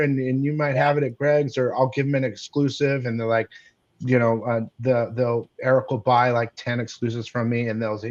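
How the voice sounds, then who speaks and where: A man's voice: mid-range voice, little pitch movement, normal speed, a little mellow. Plainspoken man on a dull lo-fi line. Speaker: comic shop owner and video maker. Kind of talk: casual podcast chat.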